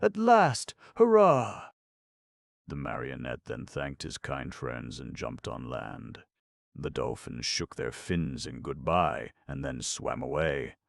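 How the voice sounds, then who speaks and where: A man reading an audiobook in steady, measured scripted narration. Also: rumbling low, creaky, no echo.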